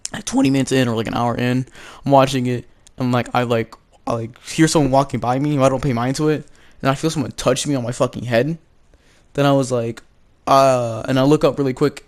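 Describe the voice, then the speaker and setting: A man's voice: mid-range voice, darkish tone. Young man rambling through a storytime vlog. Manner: rambling, full of "like" fillers and casual swearing. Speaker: channel host.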